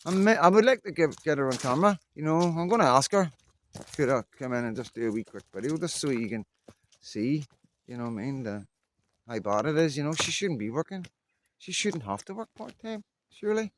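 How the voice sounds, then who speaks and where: A man's voice: on the high side, animated, brisk, a little hiss or hum. A middle-aged man, rambling casually in an unscripted vlog and leaning on fillers. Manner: rambling, loose talk full of "you know what I mean" fillers. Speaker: vlogger.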